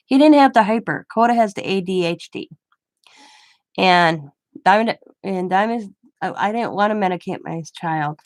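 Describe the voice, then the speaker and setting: A woman's voice: mid-range voice, no room sound. An older woman, a grandmother, telling a rambling story in casual chat, with many restarts. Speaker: craft vlogger.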